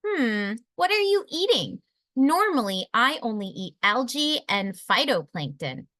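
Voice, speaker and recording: A woman's voice: fairly high pitch, very animated, a little slow, fairly bright tone, dry recording, clean studio sound. A woman voicing a tiny, polite female mermaid-like sea creature in a storybook read-aloud, prim and a little dramatic.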